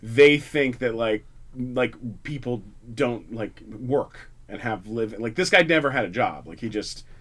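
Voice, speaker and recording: Canadian comedian, rambling and profane. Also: male voice, mid-range voice, expressive, measured pace, fairly bright tone. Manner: rambling, profane, with many fillers and restarts. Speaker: comedian guest. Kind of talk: casual storytelling on a talk radio show. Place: radio studio.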